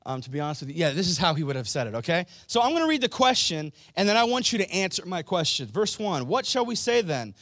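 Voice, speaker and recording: Male pastor, conversational sermon delivery that rises to shouted emphasis; fairly high, very expressive voice; dry close sound. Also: quick pace, few pauses, no room sound. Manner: conversational, asks the congregation questions, builds to loud emphatic outbursts. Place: church.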